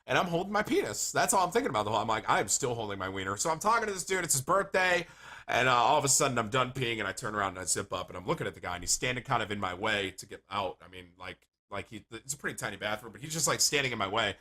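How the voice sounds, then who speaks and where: Man, livestreamer, casual storytelling, rambling, profane, bright, lively pitch. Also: rapid-fire. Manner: animated, rambling, swears freely. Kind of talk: casual storytelling to stream chat.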